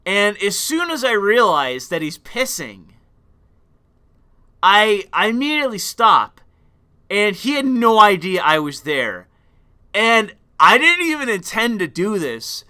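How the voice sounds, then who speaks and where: Give me a young man on a casual stream, telling a story with loud, profane energy. His voice sits high and sounds very bright and clear. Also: sing-song, takes it slowly.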